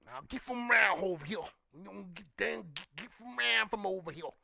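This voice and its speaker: A man's voice: sits high, expressive, moderate pace, vocal fry, pushed and bright, no room sound, voice pushed up, exaggerated voice. A man mimicking a drawling Southern preacher. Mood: mocking. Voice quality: drawling, put-on folksy delivery. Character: exaggerated preacher, male, folksy, mispronouncing on purpose.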